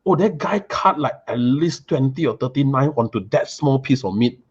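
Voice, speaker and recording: Excited man telling a food story. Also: mid-range voice, normal speed, slightly rough, highs cut off. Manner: animated, excited, restarts and repeats words. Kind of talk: casual storytelling chat.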